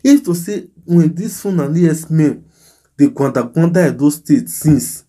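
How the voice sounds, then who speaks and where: Nigerian man, husky dark voice, mock news host, exasperated emphatic commentary. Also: fairly high pitch, animated, a little slow. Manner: exasperated, rhetorical, emphatic ranting. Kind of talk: casual news commentary in Pidgin.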